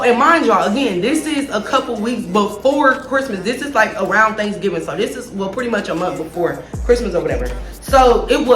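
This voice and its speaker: A woman telling a storytime vlog on her phone, animated and blunt, swearing freely and calling her viewers y'all. Her voice sits in the middle of the range. The room echoes, and faint music plays underneath. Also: medium pitch. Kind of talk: casual storytime. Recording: roomy echo with faint music.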